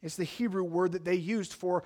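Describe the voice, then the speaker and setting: A man's voice: high voice, fairly even intonation, normal speed, dark tone. A man preaching a sermon, earnest and emphatic, often restarting his words as he explains scripture. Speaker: pastor.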